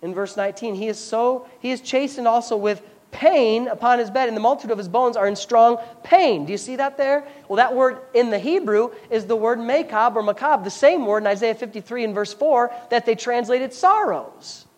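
A man's voice: extremely high pitch, moderate pace, hardly any pauses, darkish tone. A man preaching a sermon, reading scripture and explaining it with chatty, fervent asides. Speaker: pastor.

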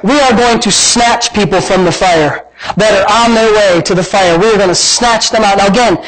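In a rough recording, a male pastor with a high, fairly bright voice preaches at normal speed. He is emphatic, repeats lines, and plays out imagined conversations before leading a prayer and an altar call.

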